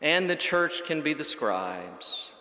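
Male preacher, fairly high bright voice, measured emphatic sermon delivery, roomy echo. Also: very animated. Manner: measured, emphatic, builds lists. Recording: echoey hall with long reverb.

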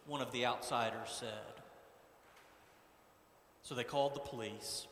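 A man preaching a sermon as a story, with dramatic, animated delivery. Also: mid-range voice, a little slow, pauses often. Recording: echoey hall.

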